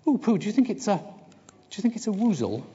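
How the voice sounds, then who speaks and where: A man voicing a small, timid, excitable young piglet with squeaky, eager questions. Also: moderate pace, breathy edge. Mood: excited. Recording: dull lo-fi sound in a big hall.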